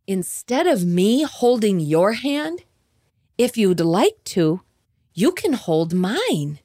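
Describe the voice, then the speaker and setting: Soft, slow, loving grandma, voiced by a woman telling a story. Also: medium pitch, big pitch swings. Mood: tender. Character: gentle elderly grandmother, patient and loving.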